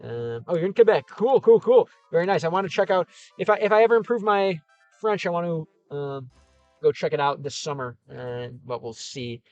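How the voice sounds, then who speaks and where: A man's voice: a little high, lively intonation, moderate pace, darkish tone, no echo, highs cut off, soft background music. A man with a Chicago Midwest accent hosting a casual livestream, reading comments in a rambling, upbeat and encouraging way with lots of fillers. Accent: Chicago, American Midwest. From American Midwest.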